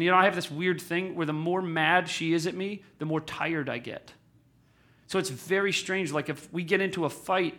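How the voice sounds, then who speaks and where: A man's voice: sits high, pushed and bright. A man in his thirties giving a candid, self-deprecating talk to a live audience, often asking the crowd questions. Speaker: speaker at a live event.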